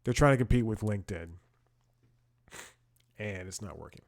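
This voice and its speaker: A young male comedy podcast host talks at a moderate pace in a lowish voice with vocal fry. He rambles through a story in a casual monologue, chuckling and starting sentences over often.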